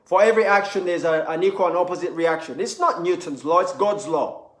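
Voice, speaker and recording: A man's voice: sits high, brisk, a bit bright. A man giving a motivational seminar talk, emphatic and repetitive, telling stories to make his points. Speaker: motivational speaker. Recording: echoey room.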